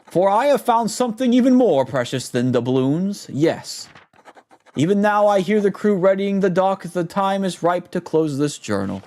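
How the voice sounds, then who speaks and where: A man's voice: high voice, big pitch swings, normal speed, darkish tone, pitched above the performer's own voice. A man voicing a pompous, vain adventurer with theatrical, self-praising delivery in a fan dub of a game.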